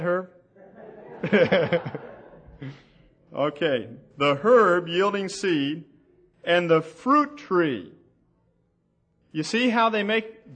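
Slow deliberate male Bible teacher. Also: sits high, a bit bright. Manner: slow, deliberate, asks the audience questions. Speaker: preacher.

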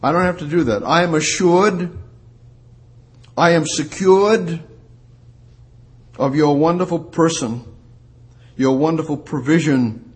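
A man preaching slowly and emphatically, drawing out his phrases and repeating key words again and again. His voice sits a bit high for a man and climbs when he reads scripture aloud. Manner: emphatic, repetitive preaching with slow drawn-out phrases; swells louder and higher on scripture quotes. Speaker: pastor. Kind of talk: sermon.

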